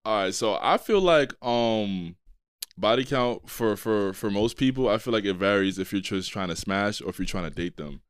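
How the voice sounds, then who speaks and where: A man's voice: fairly low pitch, lively intonation, moderate pace, smooth, dry recording, studio quality. A young man hosting a podcast, laid-back and slangy in casual chat. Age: young adult. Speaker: podcast host.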